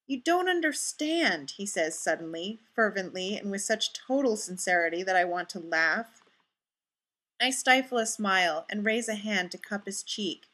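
A woman reading a first-person story aloud in an intimate, measured and expressive way. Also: medium pitch. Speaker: story reader.

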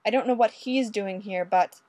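A woman voicing a brisk, formal female police inspector. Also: medium pitch, warm tone, no room sound, lightly acted. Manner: crisp, formal.

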